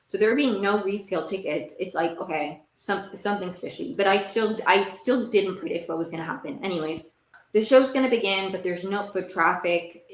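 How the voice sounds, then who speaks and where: A young woman hosting a podcast, recapping TV shows in a casual, rambling monologue. She speaks emphatically, says "like" a lot and repeats her phrases. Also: on the low side. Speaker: podcast host. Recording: roomy echo.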